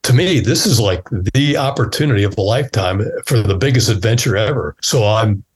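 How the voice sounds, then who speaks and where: A man's voice: fairly low pitch, fairly quick, slightly rough. A man in his sixties, a former fighter pilot, telling stories casually in an interview and acting out the dialogue. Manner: animated storyteller who acts out quoted dialogue.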